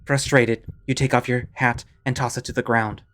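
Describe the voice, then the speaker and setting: A man narrating a visual novel in the second person, steady and measured. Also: mid-range voice, slight background noise.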